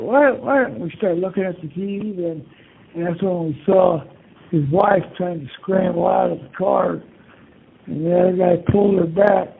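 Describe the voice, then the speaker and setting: An older man with a gravelly, husky voice pitched a touch high, rambling through old memories in a loose, meandering way. He keeps dropping "you know" and curse words as he goes. The sound comes through a thin, tinny phone line from a prison call. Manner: meandering, peppers talk with "you know" and cursing. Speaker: interviewee. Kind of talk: casual rambling recollection.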